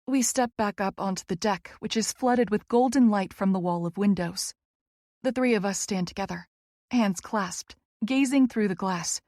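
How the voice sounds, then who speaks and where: A woman's voice: mid-range voice, moderate pace, a little mellow, no echo, studio quality. A woman narrating a first-person romance audiobook in an earnest, emotional way.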